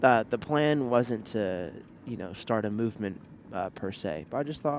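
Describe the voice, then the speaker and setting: A man's voice: fairly low pitch, lively intonation, moderate pace, hardly any pauses, a little hiss or hum. A man co-hosting a casual podcast from a car, teasing his partner and acting out what people said. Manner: playful, teasing, acts out quotes. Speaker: podcast co-host. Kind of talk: casual chat. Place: in a parked car.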